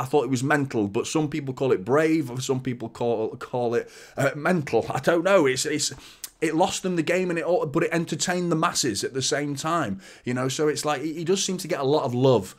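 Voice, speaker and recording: A man talks football in a casual preview, rambling and opinionated. He keeps restarting and repeating words, laughing now and then. His voice sits at an ordinary middle pitch for a man. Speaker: football fan channel host.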